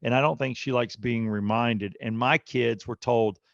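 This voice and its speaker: A middle-aged podcast co-host with a gravelly, fry-edged voice of medium pitch tells a story at a moderate pace, slipping into animated impressions of everyone involved in this casual storytelling chat. The recording is close, dry and slightly dull, with no echo or room sound.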